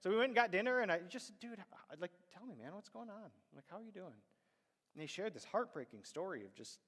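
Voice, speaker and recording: A man's voice: mid-range voice, fairly bright tone. Casting note: male pastor, storytelling sermon, ringing church reverb. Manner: conversational storytelling, acts out quoted voices. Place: church sanctuary.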